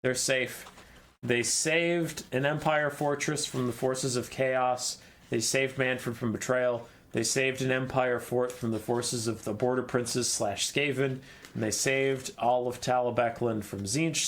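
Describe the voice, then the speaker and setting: A man's voice: mid-range voice, a bit bright. A man hosting his channel, casually summarizing a fantasy novel in a rambling, irreverent, swearing style. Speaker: channel host.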